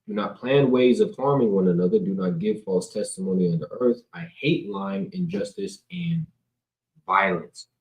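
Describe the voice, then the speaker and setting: A man's voice: fairly low pitch, very animated, moderate pace, creaky. A man teaching from the Bible in a loose, slangy, conversational way, reading scripture and then riffing on it, filmed on a camera indoors. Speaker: preacher. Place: indoors, filming himself on camera. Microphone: camera mic. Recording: roomy echo.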